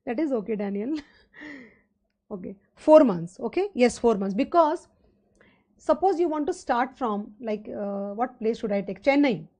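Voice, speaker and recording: A woman's voice: fairly high pitch, expressive, a little slow, a little mellow. A woman with an Indian English accent giving a live online finance lecture, chatty and rambling, with many fillers and questions to her students. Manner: conversational, rambling teaching with fillers and rhetorical questions.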